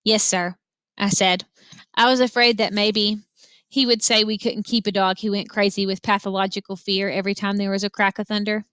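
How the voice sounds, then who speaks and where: A woman reading a children's novel aloud with lively, expressive storytelling. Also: mid-range voice, fairly quick, clean tone, dry recording. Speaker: reader.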